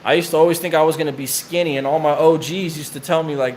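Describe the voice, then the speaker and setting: A man's voice: fairly high pitch, fairly even intonation, fast talker, few pauses, darkish tone, slight background noise. A man casually telling rambling, profane prison stories in slang while his friend draws on him. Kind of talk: casual storytelling while getting tattooed.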